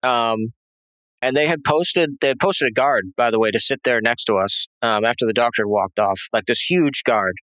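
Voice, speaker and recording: A man's voice: mid-range voice, normal speed, fairly bright tone, dry recording, poor audio. A man being interviewed, telling a tense personal story in a rambling way, with many restarts and fillers. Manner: tense, agitated retelling. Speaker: interview guest.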